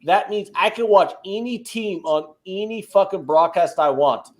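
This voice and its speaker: A man's voice: high voice, lively intonation, normal speed. A man from the American Midwest co-hosting a casual betting podcast, ranting emphatically and swearing often. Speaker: co-host.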